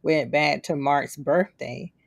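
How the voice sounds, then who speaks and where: A low-pitched woman co-hosting a podcast, in casual chat. She retells scenes with animation and acts out the lines she quotes. The sound is dry and close. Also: slow pace, gravelly, dry recording. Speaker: podcast co-host. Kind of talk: casual chat reviewing a TV episode.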